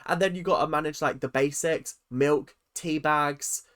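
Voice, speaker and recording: A young British man gives casual commentary straight to his viewers, sassy and animated. His voice sits a little high for a man. He sounds like a YouTuber recapping a reality show. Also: unhurried.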